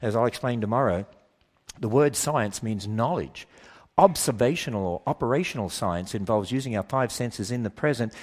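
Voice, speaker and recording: A man delivering an emphatic talk to a church audience. He keeps asking the listeners pointed questions and plays out both sides of imagined exchanges. His voice sits at an ordinary middle pitch. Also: animated, husky. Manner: acts out quoted voices in quick back-and-forth. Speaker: speaker.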